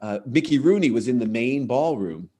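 Telling stories on his podcast, a middle-aged comedian chats casually and performs the voices in his anecdotes to deliver punchlines. His mid-range voice is mellow and slightly rough, with lively intonation and a moderate pace.

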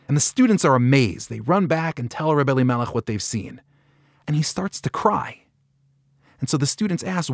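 Guy hosting a podcast, telling a story all animated, voice jumps around a lot, super dry sound. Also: on the high side, moderate pace, no echo. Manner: animated storyteller, acts out quoted lines. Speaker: podcast host. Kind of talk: storytelling talk on a Bible passage.

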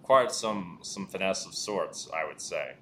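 A man interviews a guest in a casual chat, and his questions come out halting and hesitant. His voice is low. A faint noise sits behind him. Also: lively intonation. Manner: hesitant, halting, full of restarts.

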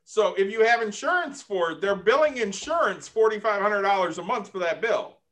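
A man with a slightly high voice, co-hosting a casual podcast chat. He tells stories in an easygoing way, with a dry, teasing edge. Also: expressive, normal speed, a bit bright. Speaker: podcast co-host.

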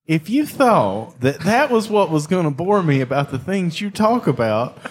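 A man's voice: a little high, sing-song, normal speed, slightly rough. A man co-hosting a podcast, chatting casually and teasing his co-host sarcastically. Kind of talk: casual chat.

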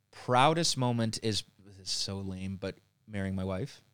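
Young man, from Ireland, casual storytelling, animated, swears, laughs a lot, dry close sound. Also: fairly low pitch, slow pace, clear, resonant tone, dry recording. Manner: animated, acts out quotes, swears freely, laughs often. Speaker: podcast guest.

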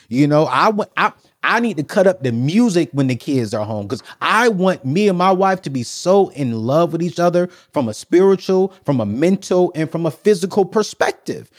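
A man talking as a guest in a conversation, giving faith-based advice in an energetic, preacherly way full of rhetorical questions. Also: sits high. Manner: energetic and emphatic, acts out scenes. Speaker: podcast guest.

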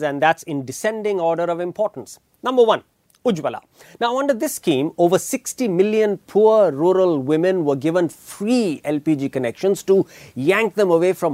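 A middle-aged man with an Indian English accent hosting an opinionated news commentary, emphatic and deliberate, with frequent filler pauses. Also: sits high, darkish tone, no echo. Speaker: commentary show host.

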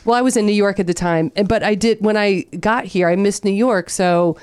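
A woman's voice: mid-range voice, a little fast, a little mellow, clean tone, no room sound, studio quality. A woman hosting a podcast in casual chat, talking sports with strong opinions and jumping between tangents. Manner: chatty, jumps between tangents. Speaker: podcast host.

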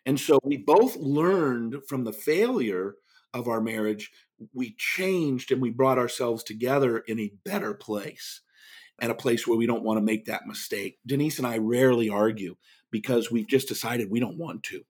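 A man's voice: medium pitch, normal speed, a little mellow, breathy edge. A middle-aged man, an author and speaker, telling stories in an earnest tone with frequent chuckles during a podcast interview. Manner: earnest, chuckles often mid-sentence.

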